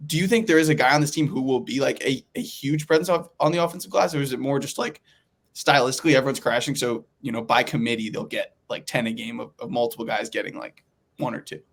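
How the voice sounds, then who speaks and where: A male podcast co-host with a mid-range voice who asks long, winding questions. He fills the gaps with "um" and "like" and talks in a relaxed, conversational way. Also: mid-range voice, fast, gravelly. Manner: rambling questions with fillers. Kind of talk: casual podcast chat.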